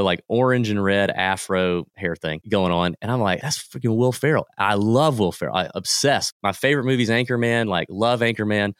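A man, a guest on a podcast, telling lively anecdotes in a casual way and acting out the people he quotes. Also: lowish voice, smooth, dry recording, studio quality. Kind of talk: casual storytelling.

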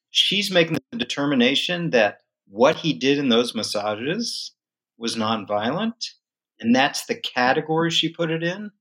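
A man guest with a legal background, giving an animated, emphatic explanation in a podcast interview. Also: mid-range voice. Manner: animated, emphatic storytelling with occasional laughs. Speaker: guest legal and sports business analyst.

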